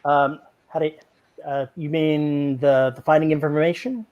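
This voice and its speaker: A man playing a tabletop role-playing game, speaking with a dry, deadpan delivery. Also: fairly high pitch, moderate pace, no room sound, highs cut off. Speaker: player. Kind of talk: tabletop role-play banter.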